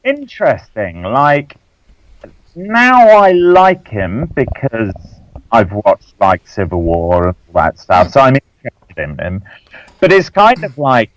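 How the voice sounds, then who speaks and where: A man's voice: mid-range voice, wildly swooping pitch, dry recording, poor audio. A young man, guest hosting a casual podcast chat, joking, swearing and laughing easily. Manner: jokey, swears, quick to laugh. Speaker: guest host.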